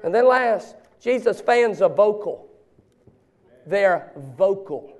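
Preacher guy in his 50s, really high voice, yells and jokes around. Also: slow pace. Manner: animated, shouting bursts and joking asides. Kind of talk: sermon.

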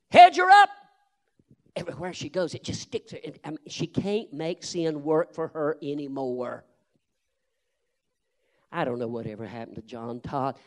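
A male preacher telling a story in a sermon, shifting from hushed murmurs to loud, fervent shouts. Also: mid-range voice.

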